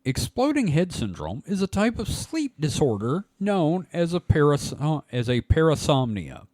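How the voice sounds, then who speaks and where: A man hosting a podcast with a fairly high, lively voice that swings up and down as he jokes and reads. The sound is dry and close to the mic. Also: moderate pace, dry recording. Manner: joking, laughs often, animated reading. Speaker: podcast host. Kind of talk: casual chat, reading an article aloud.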